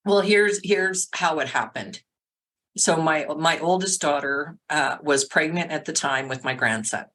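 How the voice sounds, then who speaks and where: A middle-aged woman, a sobriety coach, telling her story as a podcast guest in a lively way, acting out the voices of others and filling her talk with "like". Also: deep voice, a little slow, rough recording. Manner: animated, acts out quotes, many "like" fillers. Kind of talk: casual storytelling interview.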